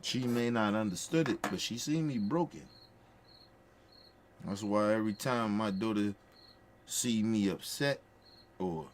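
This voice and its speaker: Low-voiced man, emphatic casual storytelling. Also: measured pace, long pauses, slight background noise. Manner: emphatic, repetitive, profane, heartfelt. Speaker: podcast host.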